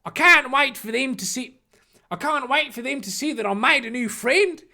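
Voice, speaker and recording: A man voicing an eager, excitable schoolboy wizard in a put-on Australian accent. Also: very high voice, moderate pace, pitched above the performer's own voice, exaggerated voice.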